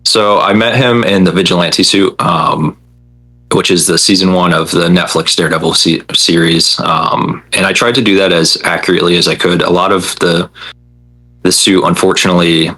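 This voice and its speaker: A man's voice: low-pitched, fairly even intonation, moderate pace, pushed and bright, poor audio. A young man, a podcast guest, chatting casually with a rambling, hesitant manner full of fillers. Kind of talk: casual chat.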